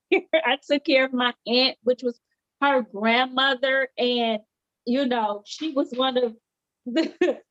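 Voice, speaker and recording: A woman's voice: sits high, a bit bright, no echo, dull audio. A woman who owns a homecare business, talking earnestly in a casual interview and repeating phrases for emphasis. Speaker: homecare business owner, guest. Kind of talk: casual live interview chat.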